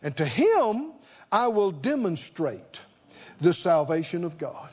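A man's voice: high voice, very animated, slow, muffled recording. A man preaching a sermon, emphatic and fond of rhetorical questions.

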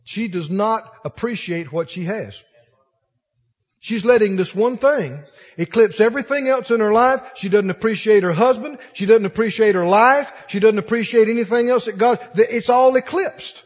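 A man's voice: sits high, normal speed. A male preacher giving an emphatic, rousing sermon in a church and asking the congregation questions. The recording is dull, with long church reverb.

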